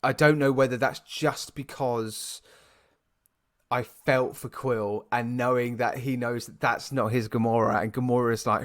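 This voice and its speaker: An excitable British man talks through a film review, building from a normal middle voice into a loud rant. He stumbles and restarts as his thoughts race ahead. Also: medium pitch, normal speed. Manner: animated, ranting, with many restarts. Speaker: podcast co-host. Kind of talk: casual film review chat.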